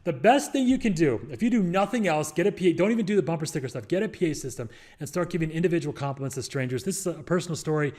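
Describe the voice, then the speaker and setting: A young man rattles off advice at a quick clip, in a voice pitched a little above most men's. He rambles and jokes, full of fillers and restarts. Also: lively intonation, a little mellow. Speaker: real estate investor and show host. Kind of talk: casual advice monologue.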